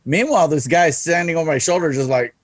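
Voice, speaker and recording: A man's voice: fairly high pitch, fast talker, no room sound. A man co-hosting a podcast, telling a story in a profane, laid-back way. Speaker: podcast co-host. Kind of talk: casual storytelling. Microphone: podcast microphone.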